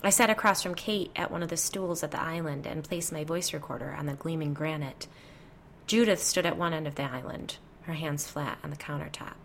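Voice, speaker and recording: A woman reading a first-person ghost story aloud in a measured storytelling voice. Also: low voice, a bit bright, slight background noise. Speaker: narrator.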